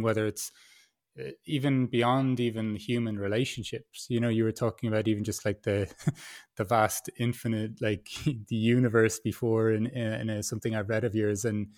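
Low-voiced male podcast host, thoughtful, searching phrasing. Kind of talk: interview conversation.

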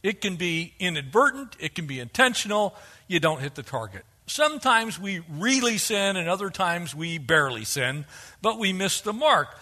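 Male pastor, sermon delivery, high bright voice, lively and acts out quotes. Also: moderate pace.

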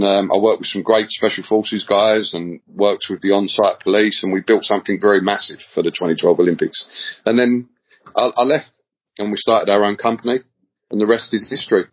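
A middle-aged English podcast guest with a husky, fairly low voice rambles through slangy stories, repeating words often. It's a casual storytelling interview, and the lo-fi audio comes across dull.

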